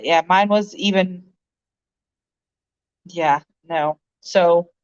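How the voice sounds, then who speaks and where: Slow-talking woman on dull phone audio. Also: on the low side, clean tone. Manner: rambling, filler-heavy, laughs often. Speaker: livestream host chatting with viewers. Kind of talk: casual livestream chat.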